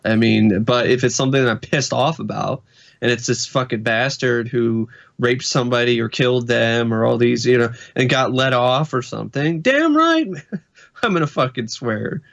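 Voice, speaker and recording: A man's voice: mid-range voice, steady tone, moderate pace, gravelly, fairly bright tone, muffled recording. A man co-hosting a podcast, talking casually with many fillers, and he swears bluntly when something angers him. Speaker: podcast co-host.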